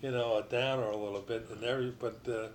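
An older man from New Jersey, a retired baseball pitcher, telling rambling stories as an interview guest, full of restarts and you-knows. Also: steady tone, fast, slight background noise, low-quality recording.

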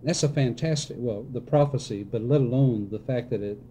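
A man's voice: medium pitch, fairly quick, dark tone, slight background noise. A man interviewing a former coach, asking questions in a conversational way. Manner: conversational, prompting with short backchannels.

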